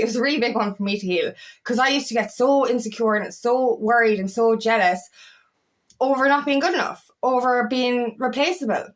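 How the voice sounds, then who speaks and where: A woman's voice: on the high side, a little fast. A young adult woman coaching viewers in casual talk to camera, blunt and heated, swearing often as she rants. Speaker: feminine empowerment coach.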